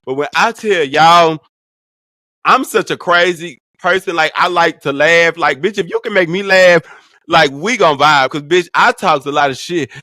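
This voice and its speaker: A young adult man hosting a casual vlog, telling a story in a profane, animated way. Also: fairly high pitch, moderate pace, dry recording, studio quality. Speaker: vlog host.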